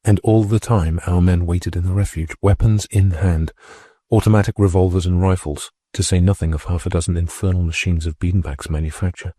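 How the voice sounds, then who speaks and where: A man reading a classic novel aloud as an audiobook narrator, in a measured, steady storytelling manner. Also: low-pitched, slightly rough, no room sound, studio quality.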